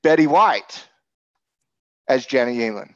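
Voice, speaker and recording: A man's voice: mid-range voice, animated, a little slow, no room sound. Sarcastic joking guy hosting a trading show, kinda dull dry sound. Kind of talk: casual market talk with a co-host.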